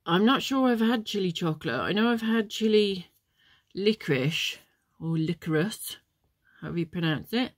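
A woman's voice: medium pitch, lively intonation, quick pace, hardly any pauses, no echo. A woman chatting casually as she tastes and reviews chocolates, wandering off into memories with plenty of ums. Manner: chatty, meandering, many ums. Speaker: vlogger.

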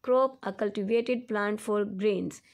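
A woman teacher, reading a textbook lesson aloud slowly and clearly for young children. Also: mid-range voice.

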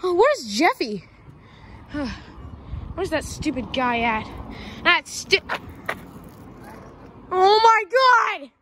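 A woman plays a jumpy purple pirate fox in a game role-play, whining and exasperated as he keeps running out of breath. The voice sits high and the delivery is slow and drawn out, with a faint hiss behind it. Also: big pitch swings, exaggerated voice. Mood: panicked. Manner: whiny, flustered and exasperated. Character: jittery purple male pirate fox, easily panicked.

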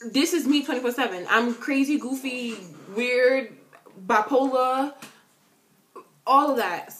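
A teenage girl vlogging from her bedroom and answering fan questions in a chatty, joking way. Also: slow. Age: teens. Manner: chatty, joking, dramatic swings in loudness and pitch. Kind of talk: casual Q&A vlog talk. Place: bedroom at home.

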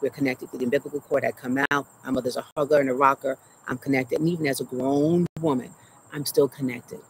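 An earnest woman therapist shares her own story with her audience while sitting in her garden. Her voice has a gravelly edge, and she sounds anxious and out of breath as she pauses to steady herself. Crickets chirp loudly throughout the outdoor recording. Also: a bass voice, slight background noise, low-quality recording. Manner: earnest, emotional, often checks in with "right?", slows to breathe. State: anxious, heart racing while retelling. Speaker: therapist and show host. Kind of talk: personal trauma story mixed with teaching. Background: crickets and insects.

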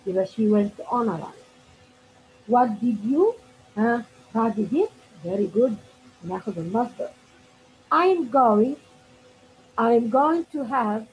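A woman's voice: fairly high pitch, warm tone, a little hiss or hum, low-quality recording. A woman with an Egyptian accent teaching an exam review lesson. She reads test items aloud, explains them, and praises imagined students. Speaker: English teacher.

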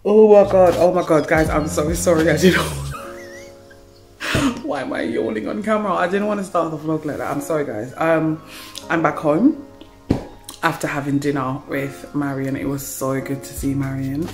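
A woman chatting casually to camera in a home vlog, relaxed and a little apologetic. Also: low-pitched, moderate pace, music in the background. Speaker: vlogger. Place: at home, indoors.

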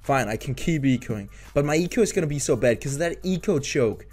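A young man talks over his own game session in a loose, unscripted way, cursing and stuttering as things go wrong. His pitch sits in an ordinary middle range. Quiet game music plays underneath. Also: animated, a little fast. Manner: frustrated, rambling, swears and stutters. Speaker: gaming YouTuber. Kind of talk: casual gameplay commentary.

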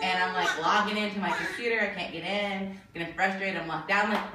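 A woman telling a lively personal story to a Bible study group, laughing often and acting out what people said. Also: medium pitch, brisk, hardly any pauses. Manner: animated, laughing often, acts out quoted voices. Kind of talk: casual storytelling. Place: group gathering in a room. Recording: echoey room from far off, noisy.

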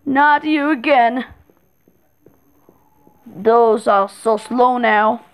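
A woman giving excitable commentary while playing a horror game, repeating words in rapid bursts. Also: fairly high pitch, clear, resonant tone, low-quality recording. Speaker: gameplay streamer.

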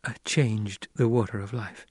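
A man's voice: lowish voice, fairly even intonation, a little slow, a little mellow, husky, no room sound, clean studio sound. A man reading the lines of a weakened young nobleman who speaks weakly but steadily. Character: young nobleman, weak, visionary, calm.

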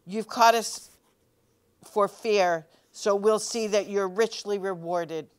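A woman voicing a sly little male leprechaun leader in a storybook reading, speaking higher, slow and emphatic. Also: clear, resonant tone, natural voice. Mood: sly, soothing.

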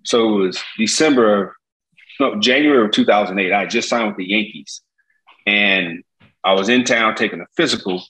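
Lively storyteller, man from Indiana. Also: moderate pace, rough recording. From Gary, Indiana. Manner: lively storyteller, acts out quotes with jumps in pitch. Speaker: interview guest, former pitcher. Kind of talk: animated storytelling.

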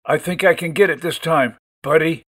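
Timid wiry boy, frightened and breathless, voiced by a man narrating a storybook. Higher than the narrator's own voice. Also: moderate pace, fairly bright tone, no echo, clean studio sound. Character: scared skinny young boy, wiry and timid.

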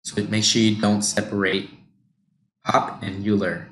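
A man coaching pronunciation on a livestream, slowly modelling and repeating words for learners. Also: lowish voice, flat delivery, fairly bright tone, slight background noise. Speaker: pronunciation teacher.

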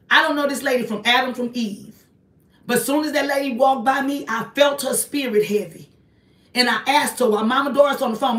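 Preaching emphatically and repeating herself, a woman livestreams casually to her viewers from a small home apartment as an online ministry host. Her voice is high-pitched and a bit bright, picked up from a distance in an echoey room.

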